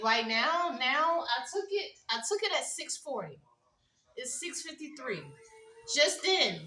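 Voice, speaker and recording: A woman chats loosely to her viewers, mildly high and drifting through fillers and lost thoughts. Her voice is bright and forward, but it is caught by a phone set back from her. The small room around her adds a clear echo. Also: recorded from a distance. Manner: loose, rambling, halting with many fillers. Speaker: vlogger. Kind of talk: casual vlog chat.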